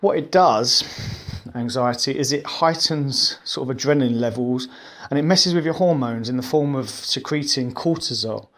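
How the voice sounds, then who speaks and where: A man's voice: mid-range voice, normal speed, a bit bright. A man presenting a webinar as a life coach, earnest and informal, with fillers and restarts.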